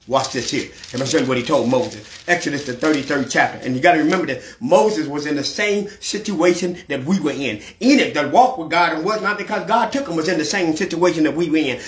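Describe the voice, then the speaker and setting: Fiery preaching pastor in an echoey church. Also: male voice, mid-range voice, fast talker, hardly any pauses. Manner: preaching with sudden shouted climaxes. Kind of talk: sermon. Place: church sanctuary.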